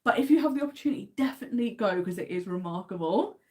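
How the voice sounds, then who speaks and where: A woman's voice: medium pitch, lively intonation, quick pace. An English woman with an English accent, hosting a casual livestream and chatting enthusiastically while answering viewer comments. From England. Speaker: livestream host.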